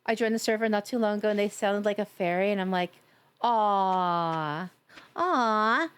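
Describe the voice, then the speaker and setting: A woman's voice: mid-range voice, fairly even intonation, racing, a little mellow, clean tone. A woman from New York chatting casually and teasingly with her viewers while live-streaming a game, laughing often.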